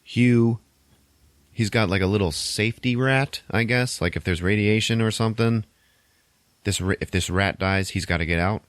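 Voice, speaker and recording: A man casually recapping a film's plot on a podcast, loose and wry, swearing and tossing in quick mock voices for the characters. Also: fairly low pitch, no echo. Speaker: podcast host recapping a film. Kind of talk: casual chat.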